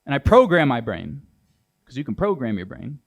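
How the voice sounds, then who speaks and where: A man's voice: mid-range voice, sing-song, moderate pace, creaky. Punchy motivational speaker man on stage. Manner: punchy, dramatic, engages audience directly. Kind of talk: keynote speech on stage. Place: large event hall on stage.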